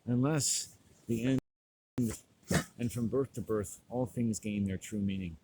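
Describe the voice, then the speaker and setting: Stoned guy ranting and swearing, low voice, a little hiss behind. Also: unhurried. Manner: profane, loud, rambling, laughs often. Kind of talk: profane ranting monologue to camera.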